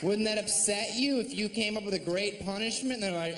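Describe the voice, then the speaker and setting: A man doing a sardonic, mocking stand-up comedy set on stage, slipping into shrill put-on voices. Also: a little fast, a bit bright. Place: comedy stage before a live audience. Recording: live stage recording with audience noise.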